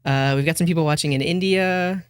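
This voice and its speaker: A man's voice: on the high side, a little fast, smooth, no echo, studio quality. A man on a podcast team, chatting casually and laughing easily. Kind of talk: casual chat.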